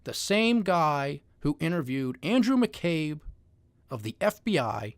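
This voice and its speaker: A man's voice: a little high, big pitch swings, slow pace, no echo, studio quality. A man giving an opinionated monologue on finance news, sarcastic and mocking, with heavy emphasis.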